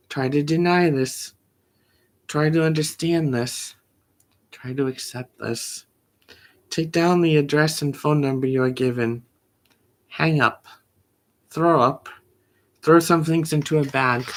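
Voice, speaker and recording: Hushed, measured poetry reading. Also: mid-range voice. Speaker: poet.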